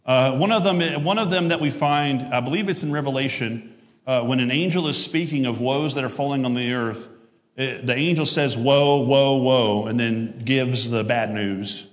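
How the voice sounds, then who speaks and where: Speaking at a moderate pace in a mid-range, slightly bright voice, this pastor delivers a chatty sermon full of jokes, side remarks and self-corrections. The church sanctuary gives the recording a noticeable echo.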